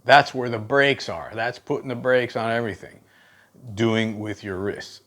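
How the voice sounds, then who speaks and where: A man's voice: medium pitch, normal speed, fairly bright tone. A man giving a drum lesson, counting beats aloud and often checking in with "okay". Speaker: drum instructor. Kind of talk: teaching drum technique.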